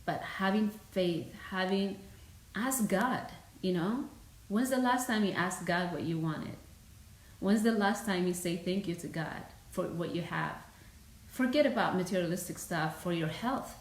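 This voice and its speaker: A woman's voice: lowish voice, a little slow, roomy sound, low-quality recording. A woman from Eritrea, a fitness host, telling a personal story in casual, earnest live-stream talk.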